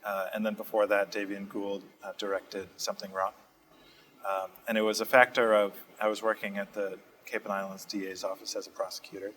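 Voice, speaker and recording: A young man speaks in a low, fairly flat voice. He answers interview questions steadily and thoughtfully, stopping often on "uh" as he picks his words. He is being interviewed in a community TV studio. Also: fairly quick, a little hiss or hum, low-quality recording. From Massachusetts. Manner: steady, thoughtful, frequent "uh" fillers. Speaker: state representative guest.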